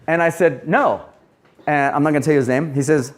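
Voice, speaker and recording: A man's voice: fairly high pitch, brisk. A man giving a sermon as a pastor, talking casually and telling personal stories with acted-out quotes. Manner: conversational, storytelling with quoted dialogue and asides.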